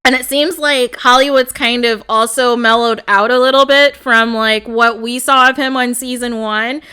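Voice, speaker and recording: Animated high bright woman vlogger. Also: normal speed, smooth. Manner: animated, exclaims and laughs, repeats "no" in bursts. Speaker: reality show reaction vlogger. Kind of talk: casual reaction commentary.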